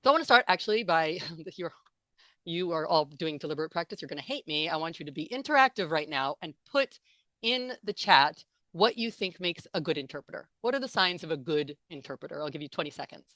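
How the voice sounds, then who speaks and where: A woman's voice: sits low, animated, brisk, sharp tone, no room sound. A young adult woman giving a chatty, playful online talk to interpreters, reading out and answering comments from the chat. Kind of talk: live webinar presentation with audience chat. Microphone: computer mic on a video call.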